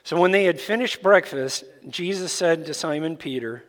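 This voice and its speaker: A man preaching a sermon as pastor, explaining scripture in a deliberate, emphatic way. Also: fairly high pitch, animated, fairly bright tone. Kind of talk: expository sermon. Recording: long reverb in a large hall.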